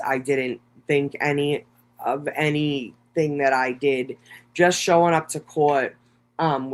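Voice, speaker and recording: Emotional, profane livestream monologue. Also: mid-range voice. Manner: emotional, rambling, heavy swearing; many fillers and restarts. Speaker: content creator.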